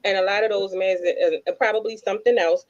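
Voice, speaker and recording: A woman's voice: medium pitch, steady tone, fast talker, highs cut off. A woman co-hosting a casual podcast chat, reading listener comments aloud and steering the topics. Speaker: podcast co-host.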